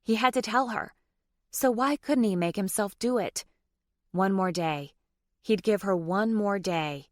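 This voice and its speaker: A woman narrating a romance audiobook in a steady storytelling manner. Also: mid-range voice, a little slow, no room sound, studio quality. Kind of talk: scripted narration.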